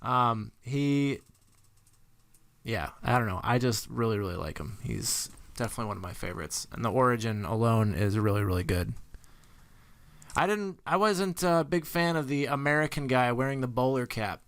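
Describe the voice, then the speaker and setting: A man's voice: mid-range voice, animated, moderate pace, fairly bright tone, no room sound. A young man co-hosting a podcast, chatting casually about a movie, laid-back, laughing often and swearing offhand. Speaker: podcast co-host.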